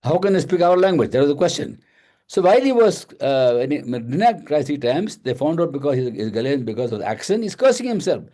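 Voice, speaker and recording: A man's voice: medium pitch, big pitch swings, a little fast, warm tone. A man leading a Bible study, explaining verses one at a time, repeating phrases and asking and answering his own questions.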